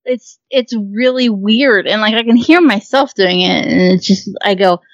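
A woman co-hosting a casual interview, chatty and quick to laugh. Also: medium pitch, no room sound, lo-fi sound. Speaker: podcast co-host.

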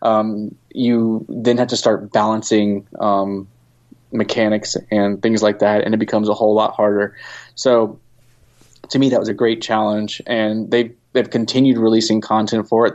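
A low-pitched man talks through his answers casually, pausing often with fillers and starting sentences over. His voice comes through a dull, lo-fi recording with the top end rolled off. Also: level tone, darkish tone. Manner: hesitant, many fillers and restarts. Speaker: guest from a game company. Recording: dull lo-fi sound.

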